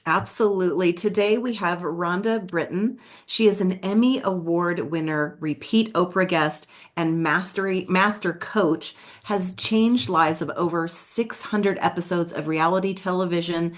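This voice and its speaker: A woman's voice: lowish voice, a little slow, few pauses. Woman co-host getting over a cold. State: tail end of a cold. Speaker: podcast co-host. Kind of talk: casual chat and reading an introduction.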